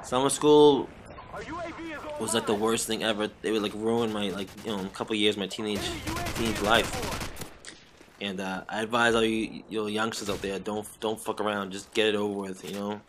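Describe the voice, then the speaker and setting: A young man with a Boston accent and a slightly hoarse voice, rambling casually with plenty of swearing as he commentates a game. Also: lowish voice, fairly even intonation, moderate pace, noisy background. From Medford, near Boston, USA. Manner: rambling, self-correcting, swears freely. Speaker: gameplay commentator. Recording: gunfire from game audio behind.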